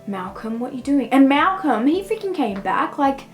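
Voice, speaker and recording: Faint music runs under a young woman's very animated, rambling book review, delivered at normal speed in a somewhat high voice. She leans heavily on "like," and the audio quality is poor.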